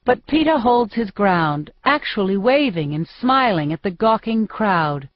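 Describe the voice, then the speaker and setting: Steady woman reading an audiobook. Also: mid-range voice, a little slow, no room sound. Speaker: audiobook narrator. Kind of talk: first-person audiobook narration. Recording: dry, dull muffled recording.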